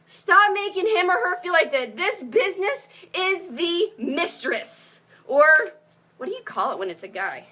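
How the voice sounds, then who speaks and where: Bright, high-pitched energetic woman coach. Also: measured pace. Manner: energetic, preachy, pep-talk exhortations. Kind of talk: motivational talk on a call.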